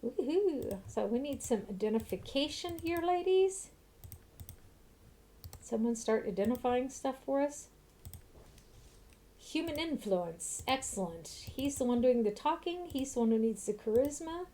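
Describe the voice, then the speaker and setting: A woman's voice: sits high, animated, moderate pace, warm tone. A woman streamer chatting casually while playing a role-playing video game. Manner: chatty, self-mocking. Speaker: let's play streamer.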